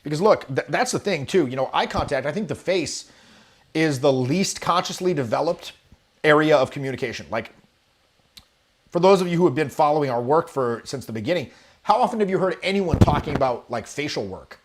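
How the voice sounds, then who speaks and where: A man teaching charisma to camera, lively and demonstrative, acting out examples and swearing casually. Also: a little high, fairly quick. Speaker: charisma coach. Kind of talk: animated coaching talk to camera. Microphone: webcam or camera, video talk.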